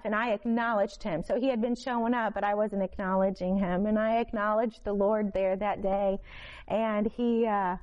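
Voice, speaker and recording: A woman's voice: mid-range voice, darkish tone, lo-fi sound. Woman giving emotional faith testimony. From Florida. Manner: emotional, halting with fillers and restarts. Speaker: testimony speaker. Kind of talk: spoken testimony to a congregation.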